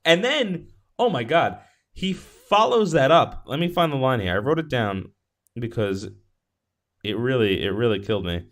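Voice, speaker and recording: A man co-hosting a podcast, chatting casually about a movie, animated and often restarting his sentences. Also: medium pitch, moderate pace. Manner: animated, restarts often, acts out quoted lines. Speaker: podcast co-host.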